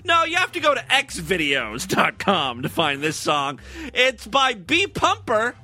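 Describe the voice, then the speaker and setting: A man's voice: high voice, huge pitch swings, a little slow, bright, forceful tone. A man hosting a comedic talk show, giving crude, sarcastic running commentary over clips. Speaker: podcast host.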